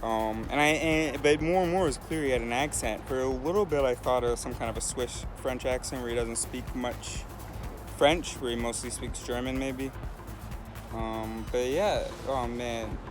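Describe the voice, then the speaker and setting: A man talking casually to camera as a hitchhiking vlogger, rambling and thinking aloud with many pauses. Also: mid-range voice, music in the background. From United States. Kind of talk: casual vlog talk to camera.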